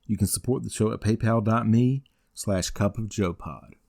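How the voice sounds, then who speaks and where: A man in his forties, a wrestling podcast host, narrating a scripted recap in steady play-by-play with dry asides. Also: on the low side, moderate pace, gravelly. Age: 40s.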